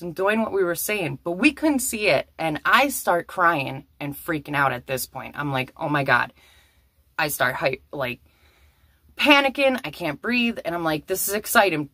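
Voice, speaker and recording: A young adult woman telling a story to camera in a vlog, excitable and breathless, with many exclamations. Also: lowish voice, no echo.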